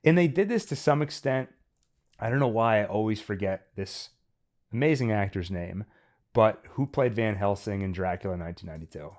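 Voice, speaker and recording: A man's voice: lowish voice, normal speed, darkish tone. A man hosting a podcast, chatting casually and analytically about a film as he thinks aloud. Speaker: podcast host. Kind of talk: casual chat, film review.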